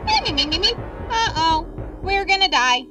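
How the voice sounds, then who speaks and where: A woman voicing a chirpy, clingy female talking purse that babbles excitably. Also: very high-pitched, moderate pace, recorded from a distance, music in the background. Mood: giddy.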